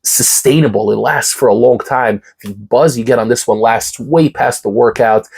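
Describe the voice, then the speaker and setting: Husky congested male reviewer, enthusiastic hype style, casual ranking talk. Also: medium pitch, moderate pace, a little mellow. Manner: enthusiastic, hype-driven, repeats key words. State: congested, recovering from a cough. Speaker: supplement reviewer.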